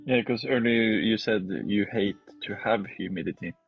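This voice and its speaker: Husky man asking questions. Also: on the low side, moderate pace, narrow, tinny audio, soft background music. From Norway. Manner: curious, asks many questions. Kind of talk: casual live-stream chat.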